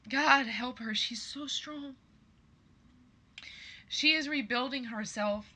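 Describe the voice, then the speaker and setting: Speaking slowly in a high, bright, forceful voice, a podcast host in her thirties delivers an earnest monologue to her listeners. She talks with emphasis and keeps calling them "you guys."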